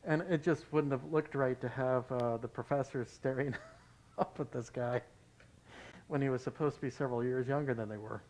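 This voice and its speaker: A pastor leading a Bible study, talking in a conversational way and telling anecdotes. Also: male voice, mid-range voice, fairly even intonation, normal speed, darkish tone, rough recording.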